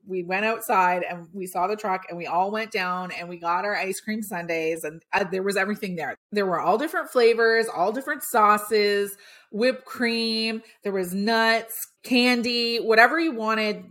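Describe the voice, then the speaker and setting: A woman hosting a podcast, telling a personal story in a lively, animated way. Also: normal speed. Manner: animated storytelling, acts out quotes with big pitch jumps. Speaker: podcast host.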